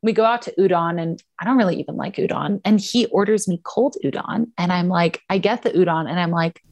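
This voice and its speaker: A woman's voice: fairly low pitch, brisk, a little mellow. A young woman chatting casually on a podcast, telling a personal story with a lot of "like" fillers. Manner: candid storytelling, frequent "like" fillers. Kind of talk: casual chat.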